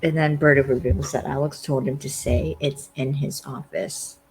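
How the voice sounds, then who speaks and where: A podcast co-host casually recaps a TV episode and rambles through the plot with constant fillers. The voice sits at a mid pitch. Faint noise hums in the background. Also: little pitch movement, normal speed, rough recording. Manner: rambling retelling full of "like" fillers.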